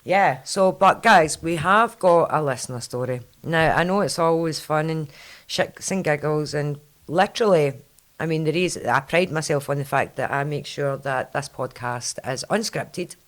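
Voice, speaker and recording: A woman with a Scottish accent hosting a podcast in a chatty, rambling way. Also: low voice. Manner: chatty, quick, rambling storyteller. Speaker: podcast host. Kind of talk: casual chat.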